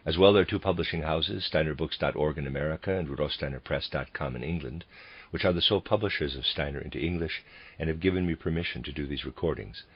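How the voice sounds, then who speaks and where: A man reading lectures aloud as an audiobook reader, in a measured way, speaking the bracketed notes too. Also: a bass voice, slightly rough, lo-fi sound.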